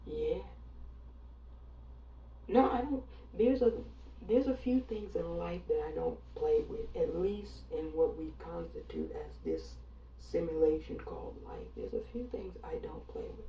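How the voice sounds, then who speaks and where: A woman's voice: on the low side, very animated, unhurried, highs cut off, a little hiss or hum. Woman, from Alabama, emphatic monologue, sarcastic, defiant, roomy sound, distant mic. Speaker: online commentator.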